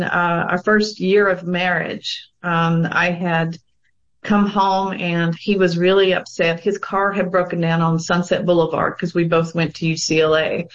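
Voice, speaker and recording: A woman's voice: fairly low pitch, dull audio. A woman sharing her personal experience in a panel discussion, earnest and reflective, with frequent fillers. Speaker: guest sharing her own story of abuse.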